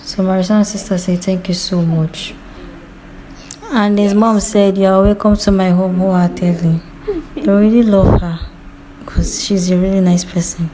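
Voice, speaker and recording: A woman's voice: mid-range voice, fairly even intonation, normal speed, noisy background. A woman casually retelling a movie's scenes, chatty and quoting the characters' lines as she goes. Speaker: movie recap narrator.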